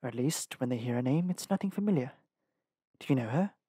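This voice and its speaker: A man's voice: mid-range voice, animated, fast talker, mellow, slightly rough, no echo. Chatty queen played by a male reader, gossipy and fond, dry close sound.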